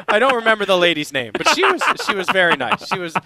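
Bright, high-voiced male radio host. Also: a little hiss or hum. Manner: upbeat, chatty, repeats phone numbers. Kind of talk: live sports radio talk. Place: radio row at a sports event.

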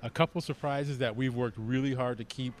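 Quick eager guy guest on a sports show, rattles along, faint hiss behind. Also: medium pitch, steady tone. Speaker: team executive guest. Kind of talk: casual radio chat.

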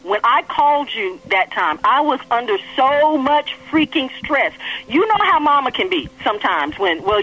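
High, bright-voiced woman caller pleading. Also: poor audio. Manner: pleading, earnest. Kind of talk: radio call-in conversation.

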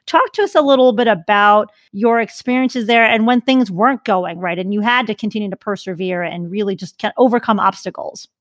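A woman's voice: medium pitch, brisk, hardly any pauses, dry recording, studio quality. A woman hosting an interview who asks long, thoughtful questions. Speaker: interview host.

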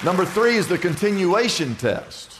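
An older male pastor preaches with a high, ringing voice. He drives his points home with emphatic repetition and rhetorical questions. The sound carries a long hall reverb. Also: sing-song, normal speed, a crowd in the background, noisy background. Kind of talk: sermon.

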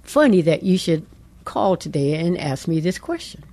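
A middle-aged woman on a call-in radio show, her voice low and husky with a dark, mellow tone. She tells her story with animation and acts out the voices she remembers hearing. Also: big pitch swings, normal speed. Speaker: pastor's wife and co-host. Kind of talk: call-in radio talk, personal testimony.

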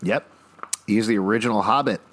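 A man's voice: on the low side, brisk, fairly bright tone. A man hosting a podcast, recapping a TV episode in a casual, wry, joking way. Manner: wry, joking, quotes characters playfully. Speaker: podcast host.

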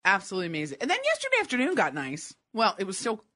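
A woman co-hosting a radio show in casual banter, emphatic and full of flat refusals. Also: mid-range voice, racing. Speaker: radio co-host.

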